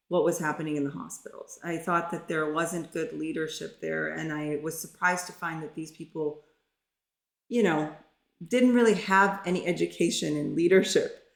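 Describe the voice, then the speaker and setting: A woman's voice: fairly low pitch, vocal fry, roomy sound. A middle-aged woman, a pharmacist, telling a personal story in a candid, earnest, conversational way.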